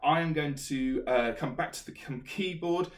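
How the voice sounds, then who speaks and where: This English man speaks at a moderate pace in a fairly high voice. Filmed in a room at home during lockdown on a set-up camera, he teaches singing online in a chatty, self-deprecating manner as a piano plays.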